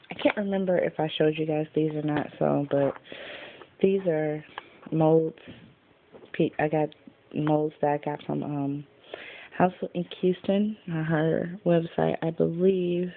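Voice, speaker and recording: A woman's voice: low-pitched, creaky. A tired woman in a casual show-and-tell vlog, rambling and chatty as she trails off mid-sentence. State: tired, yawning. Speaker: vlogger showing her craft pieces. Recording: tinny lo-fi phone-like sound, faint noise.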